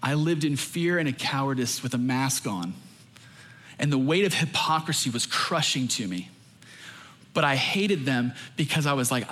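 A man's voice: mid-range voice, lively intonation, moderate pace, a bit bright. A young adult man, a pastor, preaching a sermon in an earnest, emphatic way.

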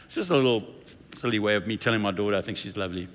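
A man's voice: lowish voice, rapid-fire, big-room sound. A man preaching a sermon as senior pastor, telling stories and acting out the quotes in playful voices. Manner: storytelling with playful acted-out quotes.

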